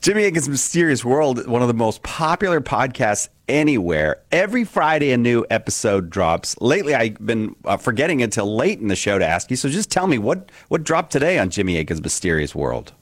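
A man's voice: medium pitch, big pitch swings, brisk, hardly any pauses, dry recording. A man sitting in as host of a call-in show, chatting casually and joking at his own expense, often laughing. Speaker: guest host. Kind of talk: casual radio call-in chat.

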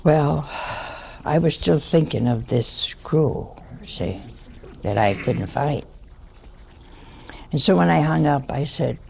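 Older woman, nun, anecdotal storytelling, gravelly, dark and mellow, dry asides. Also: low voice, animated, slow pace, long pauses. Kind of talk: storytelling talk to an audience.

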